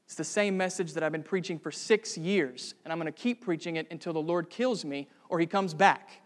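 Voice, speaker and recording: Man, high voice, preaching, earnest, fervent emphasis, echoing church sanctuary. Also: fairly quick. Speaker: pastor. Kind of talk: sermon.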